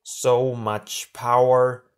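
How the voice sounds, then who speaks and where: A man's voice: medium pitch, completely flat delivery, slow, clean tone, pitched above the performer's own voice, lightly acted. A man doing strained, overloaded monster creatures. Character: monstrous Borak Kal creatures, crazed and overloaded.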